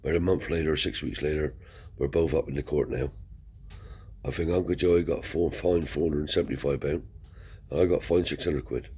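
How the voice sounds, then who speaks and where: A man's voice: very deep voice, steady tone, a little fast, a little mellow, breathy edge. A man telling a rambling story in broad colloquial speech, swearing freely as he goes. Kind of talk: casual spoken anecdote.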